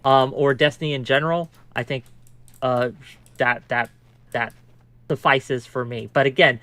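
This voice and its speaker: A man moderating an online debate, who speaks hesitantly and tries to calm both sides. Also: medium pitch, unhurried, no room sound. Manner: hesitant, many fillers and restarts, conciliatory.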